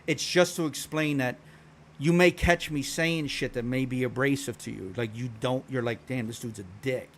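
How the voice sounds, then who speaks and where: Man, Philadelphia accent, streamer, casual slangy chat into a mic, middle-pitched voice. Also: steady tone, moderate pace, slight background noise. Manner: slangy, laid-back, explanatory, swears casually. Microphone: streaming microphone.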